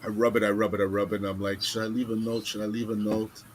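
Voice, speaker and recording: Casual storytelling podcast host, animated. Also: male voice, on the low side, fast, a little hiss or hum. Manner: animated, swearing, acts out voices in stories.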